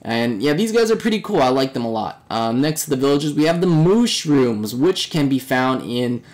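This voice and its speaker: A young man narrating a casual game walkthrough in a chatty, relaxed way, his voice a little hoarse and fading. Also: mid-range voice, moderate pace. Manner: chatty, relaxed, with fillers and upbeat remarks. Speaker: game reviewer.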